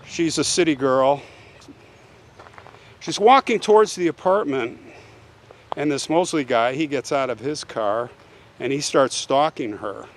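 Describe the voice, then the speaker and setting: A man's voice: medium pitch, measured pace, pauses often, a little hiss or hum. A man hosting a show, retelling a true crime case in a casual, conversational way and often asking the listener "right?". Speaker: host, true crime storyteller.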